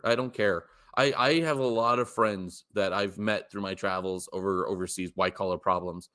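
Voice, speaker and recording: A man's voice: deep voice, steady tone, normal speed, a bit bright. A young man co-hosting a podcast, ranting in casual chat, swearing and stumbling over his words when heated. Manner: heated, profane, stammering restarts. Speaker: podcast co-host. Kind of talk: casual sports rant.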